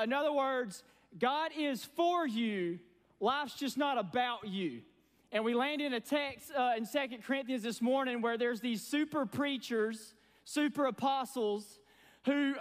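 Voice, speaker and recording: A man preaching a sermon as pastor, folksy and energetic with sarcastic asides. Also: extremely high pitch. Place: church sanctuary. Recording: long reverb from a church hall.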